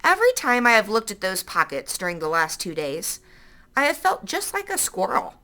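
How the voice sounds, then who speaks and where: A woman's voice: mid-range voice, huge pitch swings, normal speed, bright, forceful tone. A woman reading a children's novel aloud, stopping now and then to explain words to young listeners.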